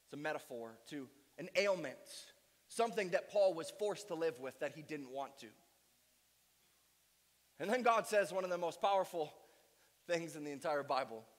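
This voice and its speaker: A man's voice: a little high, expressive, moderate pace, long pauses, long reverb tail. A male pastor preaching a sermon with emphatic delivery and strings of rhetorical questions. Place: church sanctuary.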